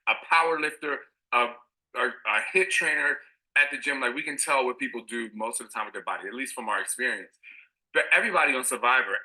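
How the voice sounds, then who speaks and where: A fitness trainer and host chats openly in a lively, animated way and now and then turns emotional. His voice is very bright and forceful. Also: medium pitch, poor audio. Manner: candid and animated, sometimes emotional. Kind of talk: casual podcast chat.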